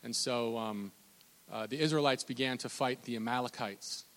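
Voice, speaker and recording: With a medium-pitched, fairly bright voice at normal speed, a man preaches as a pastor, fervent and repetitive. He keeps restarting his phrases and stumbling over repeated words, all within a long hall reverb.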